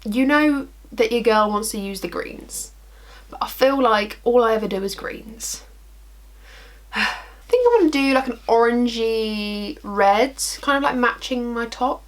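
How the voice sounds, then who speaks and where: A young woman talks casually through a makeup tutorial in front of a mirror, her voice on the high side and expressive at a measured pace. She's a chatty makeup vlogger who rambles off into asides and pokes fun at herself as she works.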